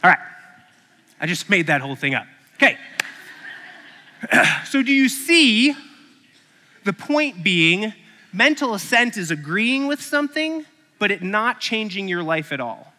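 A man's voice: high-pitched, measured pace, pauses often. A man preaching a sermon, animatedly acting out a story before teaching. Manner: animated, acts out stories. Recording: echoey hall.

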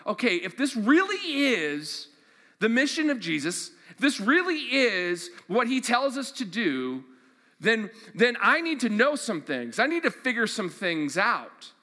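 A man with a high, bright voice preaches a sermon in a casual, energetic way, repeating his questions and leaning on fillers. The sound carries a long reverb from a large church hall. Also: measured pace. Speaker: pastor.

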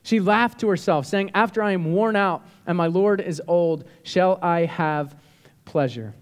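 A man preaching a sermon as a pastor, animated and emphatic, with bursts of rising intensity. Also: high-pitched, a little slow. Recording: long hall reverb.

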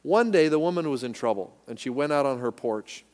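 A man's voice: mid-range voice, expressive, fairly quick, darkish tone. A man preaching a sermon with emphasis, leading his congregation to repeat lines back. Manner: emphatic, leads call-and-response. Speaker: pastor. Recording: echoey hall reverb.

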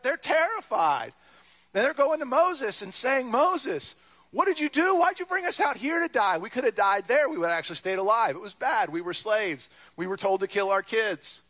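A man preaching a sermon, reading scripture and retelling it with wry humor and acted-out voices. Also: high-pitched. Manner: lively, wry, acts out quoted voices. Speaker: pastor.

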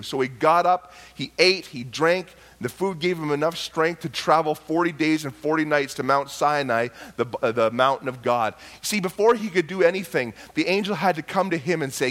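A middle-aged male pastor preaching a sermon, telling a personal story with emotional swings from hushed murmurs to loud cries. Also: a little high, moderate pace.

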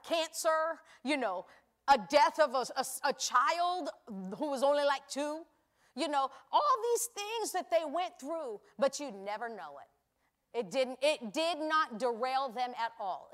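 A woman giving a sermon in a chatty, animated way, telling stories and acting out the people in them. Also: sits high, measured pace. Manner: animated, acts out voices in anecdotes; chatty, conversational with frequent "you know". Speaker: preacher. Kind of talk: sermon with storytelling.

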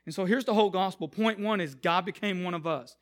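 High-voiced pastor preaching. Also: male voice, fast. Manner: conversational, acts out quotes, rises to emphatic preaching. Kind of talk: sermon with storytelling.

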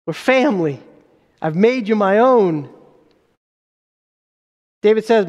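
A man with a very high voice preaches a sermon, earnest and emphatic, often restarting his phrases. His words ring out with a long reverb, as in a large hall. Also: expressive, takes it slowly, darkish tone. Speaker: pastor.

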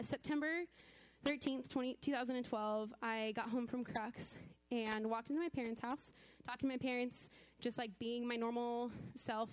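A young woman in her twenties sharing a personal testimony at church, speaking in a loose, chatty way with lots of "like" and nervous laughter. Her voice sits a little high, and the sound is close and dry, with no room around it. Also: no echo. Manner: conversational, full of "like" fillers.

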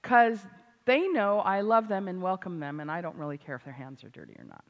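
An older woman, a grandmother and author, preaching a sermon with animated, emphatic delivery. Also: on the low side, a little fast, muffled recording. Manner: animated, rising to loud emphatic exclamations. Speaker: Christian speaker and author. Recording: hall reverb.

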